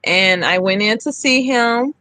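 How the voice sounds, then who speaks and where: A woman's voice: fairly high pitch, measured pace, pushed and bright. A young woman candidly telling her own story, re-enacting the lines of others with emphasis. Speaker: guest sharing her story.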